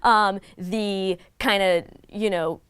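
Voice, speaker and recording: A woman's voice: mid-range voice, steady tone, slow pace, a bit bright, clear, resonant tone, no echo. Chatty, opinionated woman in a dry room. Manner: chatty and opinionated, with frequent fillers. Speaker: guest commentator on reality TV. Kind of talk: casual chat.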